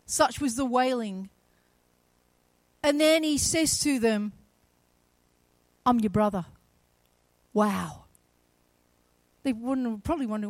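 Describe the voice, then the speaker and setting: A woman preaching a sermon, retelling a story with shifts from quiet to loud, emphatic passages. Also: high-pitched, unhurried, long pauses, no echo.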